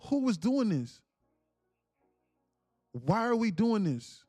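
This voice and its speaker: A man acting out an angry, exhausted working stepfather who scolds his household loudly and with exasperation. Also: sits high, very animated, slow, no room sound, clean studio sound, soft background music, pitched above the performer's own voice, full character voice. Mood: exasperated.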